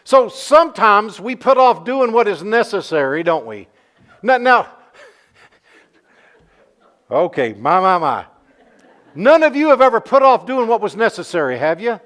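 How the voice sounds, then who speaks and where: A man with a notably high speaking voice delivers a church sermon. He preaches in a folksy, storytelling manner and keeps checking in with the congregation through rhetorical questions. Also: sing-song, normal speed, fairly bright tone. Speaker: pastor.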